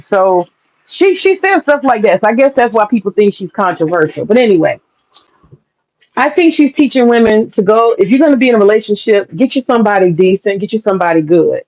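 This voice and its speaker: A woman's voice: mid-range voice, a little mellow. Frank, laughing woman vlogger, lo-fi. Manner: frank, profane, laughs often. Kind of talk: casual opinion monologue.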